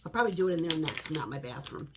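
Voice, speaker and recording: A woman's voice: deep voice, expressive, very fast, background noise. A middle-aged woman chatting casually to the camera in her home office, rambling with many "you know" asides. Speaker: home fragrance vlogger.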